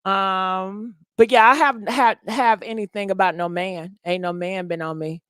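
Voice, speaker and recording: A woman's voice: medium pitch, fairly even intonation, moderate pace, fairly bright tone, smooth, dry recording, clean studio sound. A woman hosting a live call-in show, talking in a blunt, slangy, casual way. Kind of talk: casual live-stream chat.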